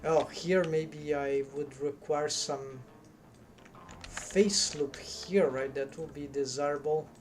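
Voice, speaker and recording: Slow, hesitant man thinking aloud. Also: fairly high pitch, fairly even intonation. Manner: hesitant, muttering half-finished thoughts. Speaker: 3D artist streaming his work. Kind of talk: thinking aloud while modeling.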